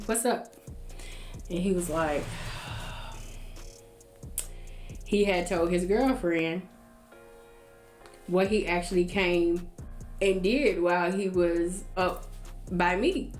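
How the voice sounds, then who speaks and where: A woman's voice: on the low side, reverberant. A young woman casually telling a personal story to her viewers, blunt and profane, acting out what others said.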